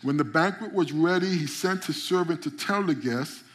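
A man's voice: a little high, moderate pace. Emphatic man preaching a sermon. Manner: preaching with rising, emphatic builds and call-outs to the congregation; frequent stammered repeats. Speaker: pastor.

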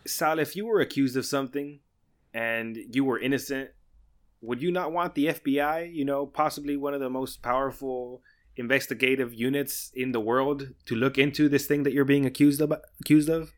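A man's voice: mid-range voice, fairly even intonation. Male podcast co-host, mid-range voice, casual indignant chat with frequent laughs. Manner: indignant, laughing, fast restarts.

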